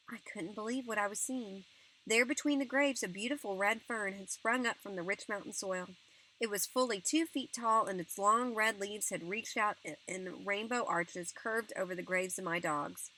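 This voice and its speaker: A woman narrating a novel as an audiobook reader, in a gentle, earnest storytelling manner. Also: mid-range voice, low-quality recording.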